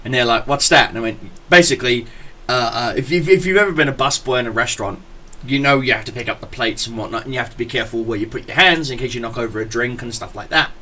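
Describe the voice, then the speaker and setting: A man hosting a casual podcast, telling crude work stories with loud laughter and stammering restarts. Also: medium pitch, fast talker. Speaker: podcast host. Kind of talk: casual chat, storytelling.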